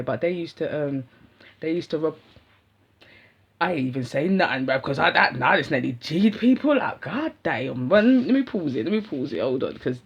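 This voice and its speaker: A young woman with a London accent telling a rambling personal story to camera in slangy, animated talk. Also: deep voice, slightly rough. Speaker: vlogger. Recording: dull lo-fi sound.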